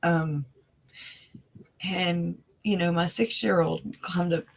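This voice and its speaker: A woman with a fairly low voice talks over a video call as an interview guest. She rambles earnestly and emotionally, circling back with fillers and restarts. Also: fairly even intonation, takes it slowly, vocal fry, slightly rough, low-quality recording. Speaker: interview guest, family member of the victims. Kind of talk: casual conversational interview.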